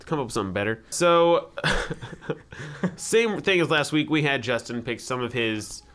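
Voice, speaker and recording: A man co-hosting a laid-back movie podcast, his voice bright and forward at a middle pitch. He rambles through his thoughts and pokes fun at himself between friends. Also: animated. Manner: rambling, self-deprecating, quick asides. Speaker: podcast co-host. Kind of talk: casual chat.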